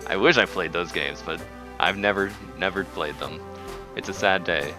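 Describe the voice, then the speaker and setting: A man with a low voice, speaking a little slowly over background music, hosts a casual let's play. He offers gameplay commentary, rambling and joking as he reads along.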